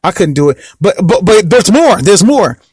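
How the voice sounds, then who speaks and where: High-voiced man telling a rambling story. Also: big pitch swings, normal speed, a little mellow, breathy edge, no room sound, clean studio sound. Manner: rambling, repeats himself, keeps asking "you know what I mean". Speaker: vlog host. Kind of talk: casual personal storytelling.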